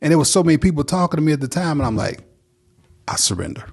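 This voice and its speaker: A man's voice: fairly high pitch, lively intonation, very fast, darkish tone, husky. A middle-aged man from North Carolina, telling his recovery story as a guest in an earnest, plainspoken way. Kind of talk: personal recovery testimony.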